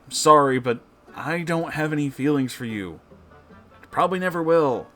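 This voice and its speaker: A man's voice: fairly high pitch, expressive, normal speed, faint music behind, pitched above the performer's own voice, natural voice. A man voicing a blunt young woman from a storybook reading, speaking in a curt, dismissive way.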